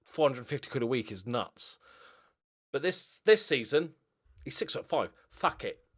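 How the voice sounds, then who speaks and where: A man's voice: medium pitch, big pitch swings, a little slow, a bit bright. A young man giving casual, joking commentary on his game, swearing freely and rambling through asides. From Northern Ireland. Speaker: gaming YouTuber.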